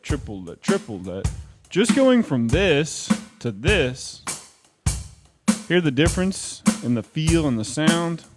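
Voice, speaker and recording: Guy giving a laid-back drum lesson, counts out triplets, faint drums and music behind. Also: medium pitch. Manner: chatty, counts rhythms aloud. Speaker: drum teacher. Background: drum kit playing.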